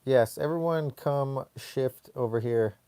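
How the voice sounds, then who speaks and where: Slow, laid-back man chatting on a live stream. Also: medium pitch, dark tone, clean tone, no echo. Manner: rambling, laid-back, reads chat comments aloud. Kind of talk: casual live-stream chat.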